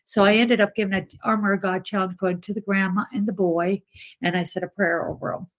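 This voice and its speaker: A woman caller on a live talk show, telling a personal story in an animated way, with many fillers. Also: medium pitch, fairly quick, dull audio.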